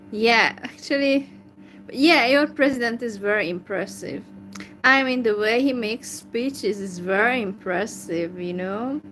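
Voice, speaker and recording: A woman's voice: a little high, a bit bright, a little hiss or hum, rough recording. A woman from Hungary, chatting casually and giving opinions, hesitant and full of fillers and restarts. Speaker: language learner chatting with strangers.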